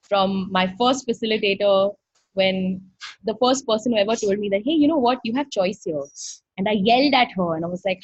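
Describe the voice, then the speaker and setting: Female facilitator, slightly husky, warmly effusive teacher on a muffled video call. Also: mid-range voice, fairly quick, dry recording. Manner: effusive, earnest, quotes dialogue animatedly. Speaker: workshop facilitator. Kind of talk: online workshop talk. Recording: dull dry video-call audio.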